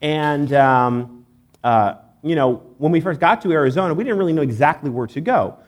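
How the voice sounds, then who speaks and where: A man's voice: fairly high pitch, animated, moderate pace. Casual joking man preaching. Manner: conversational, joking, many fillers. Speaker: pastor. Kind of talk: sermon. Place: church.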